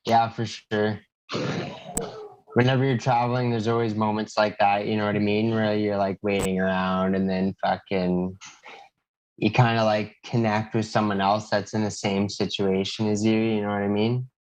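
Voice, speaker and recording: A man's voice: fairly low pitch, flat delivery, normal speed, darkish tone. A young man co-hosting a podcast in casual chat, laid-back and often adding "you know what I mean". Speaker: podcast co-host. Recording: dull lo-fi podcast audio.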